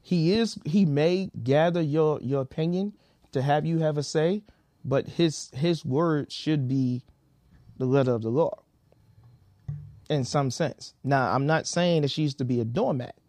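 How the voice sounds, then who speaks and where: A man co-hosting a podcast in casual chat, animated and prone to repeating himself. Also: fairly high pitch, a little slow, no room sound. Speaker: podcast co-host.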